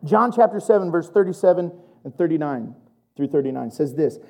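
A preacher giving a sermon, animated and chatty, laughing often and building to loud emphasis. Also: mid-range voice, brisk. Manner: chatty asides to the congregation.

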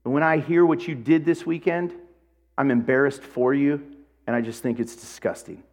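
A man voicing a stern male high school teacher who speaks slowly and coldly in a scolding tone. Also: steady tone, a little mellow, long reverb tail, lightly acted. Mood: disgusted. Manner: slow, cold, scolding.

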